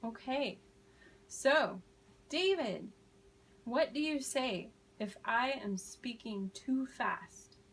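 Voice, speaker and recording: Slow-speaking woman teaching a class. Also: fairly high pitch, expressive, a little hiss or hum, low-quality recording. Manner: slow, deliberate modeling of phrases, encouraging praise. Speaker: ESL teacher.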